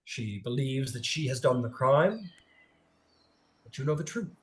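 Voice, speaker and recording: A man running a tabletop game as game master, setting scenes vividly with frequent filler pauses. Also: mid-range voice, animated.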